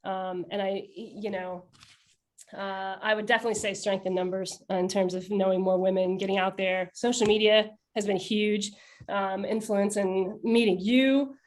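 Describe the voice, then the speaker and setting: A woman's voice: medium pitch, steady tone, moderate pace. A young adult woman guest in a casual podcast interview who talks bluntly and swears freely, with lots of fillers and restarts. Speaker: podcast guest, founder of a satire account.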